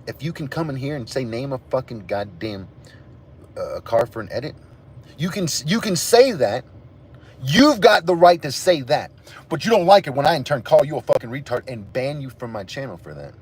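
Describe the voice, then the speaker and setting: A man's voice: a little high, big pitch swings, fairly quick, slightly rough. A man hosting a livestream, ranting angrily and profanely at his chat. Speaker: livestream host. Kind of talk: angry livestream rant to chat.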